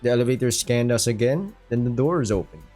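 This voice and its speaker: A man's voice: medium pitch, expressive, brisk, darkish tone, faint music behind. A man reading a sci-fi story aloud and breaking off into joking, casual asides. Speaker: story reader and commentator.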